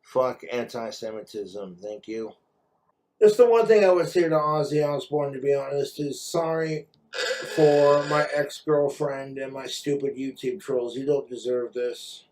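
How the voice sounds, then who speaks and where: A man's voice: mid-range voice, a little slow, darkish tone. Tipsy male vlogger, rambling profane rant, mid-range voice. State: drinking, tipsy.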